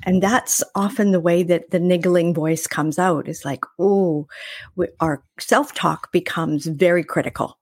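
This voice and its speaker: Thoughtful lower-voiced woman co-host. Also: fairly even intonation, normal speed, few pauses, husky, no echo, clean studio sound. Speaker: podcast co-host. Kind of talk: casual podcast chat.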